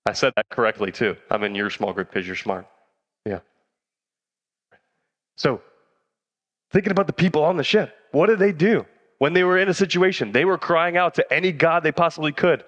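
A man's voice: on the high side, a bit bright, lo-fi sound. A man preaching a casual sermon as a youth pastor, conversational and slangy, often asking the audience questions. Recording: reverberant hall.

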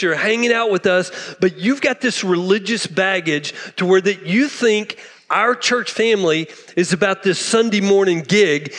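Male pastor, sermon, fired up, drops to hushed asides; high-pitched, reverberant church hall. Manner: impassioned, swings from loud to hushed. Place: church sanctuary.

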